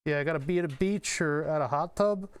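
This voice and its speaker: A man's voice: a little high, a little fast, clean tone, dry recording. A man in his late thirties, chatting casually and joking on a live stream while he solders a circuit kit. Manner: joking, laughs often, rambling.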